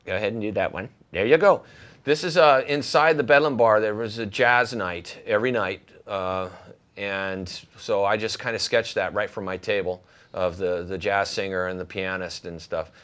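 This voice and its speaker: A man's voice: fairly low pitch, moderate pace, a bit bright. A man talking casually as a painter guest in an interview, jokey and rambling with many fillers.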